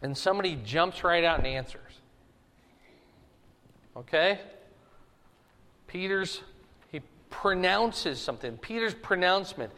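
A man's voice: sits high, animated, a little slow, long pauses, pushed and bright, big-room sound. A man teaching a Bible study in a conversational way, often checking in with his listeners with "right?" and "okay?".

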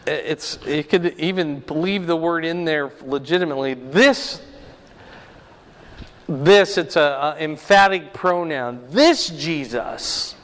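A man teaching a Bible lesson verse by verse, explaining slowly and checking in with "right?" and "okay?". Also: a little high, fairly bright tone, big-room sound.

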